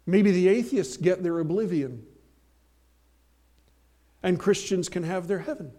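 A man preaching a sermon, emphatic, slowing and swelling on key phrases, with folksy asides and homely examples. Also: high-pitched, warm tone. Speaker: pastor.

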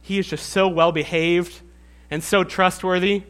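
A man's voice: sits high, level tone, measured pace, a bit bright, clear, resonant tone. A man putting on the voice of a proud mother who brags about her son in a sweet, passive-aggressive way. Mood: gushing.

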